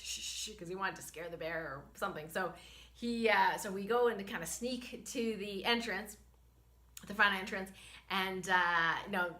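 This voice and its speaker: A woman hosting a spiritual medicine vlog, telling a story in an animated, chatty way with many fillers, talking to a camera she holds herself. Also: medium pitch. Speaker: host and spiritual medicine practitioner. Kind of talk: casual storytelling.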